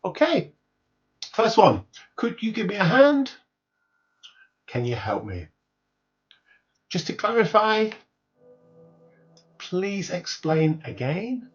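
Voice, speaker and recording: A man teaching workplace English, explaining each phrase clearly and repeating the examples slowly. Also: sits high, sing-song, dull audio. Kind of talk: recorded English lesson.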